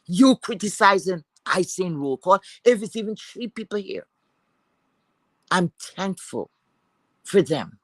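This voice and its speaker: A woman's voice: mid-range voice, expressive, takes it slowly, long pauses, no room sound. A woman from Philadelphia hosting a livestream, ranting and taunting a rival with heavy profanity. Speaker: livestream host.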